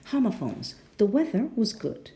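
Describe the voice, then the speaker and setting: A woman's voice: a little high, very animated, normal speed, warm tone. A woman with a rhotic English accent teaching a pronunciation lesson, patient and often checking in with the learners.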